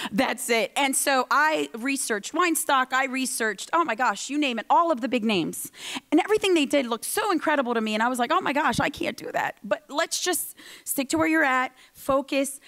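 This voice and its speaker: High-voiced woman telling her story. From United States. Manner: storytelling, animated, acts out dialogue. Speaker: guest speaker. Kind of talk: motivational speech. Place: ceremony hall.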